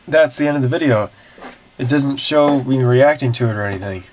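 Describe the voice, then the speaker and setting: A man's voice: mid-range voice, a little fast, a little mellow, a little hiss or hum. A man casually reacting to a video and answering viewer questions at home in a matter-of-fact, technical, rambling way. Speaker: siren-hobby video creator. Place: home, screen recording.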